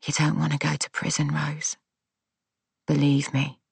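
A woman voicing a calm, cold young woman who speaks in a clipped, low, soft voice, sometimes whispering. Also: moderate pace, dry recording, lightly acted. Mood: hushed.

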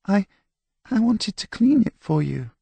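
A man with a deep, gravelly voice, voicing a meek young girl in an audiobook who speaks softly and hesitantly. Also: big pitch swings, a little slow, dry recording, heavily acted. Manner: soft, apologetic, hesitant.

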